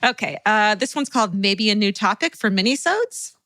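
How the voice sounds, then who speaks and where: A young adult woman co-hosting a podcast, reading listener stories aloud with an animated, swearing, laughing manner. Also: mid-range voice, normal speed, dry recording. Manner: animated storyteller, swears freely, laughs often. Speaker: podcast co-host.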